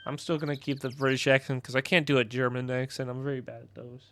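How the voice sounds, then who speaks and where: A man's voice: medium pitch, level tone, fast talker, a bit bright, a little hiss or hum. Chatty man streaming a game. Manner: chatty, offhand asides. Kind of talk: casual game commentary.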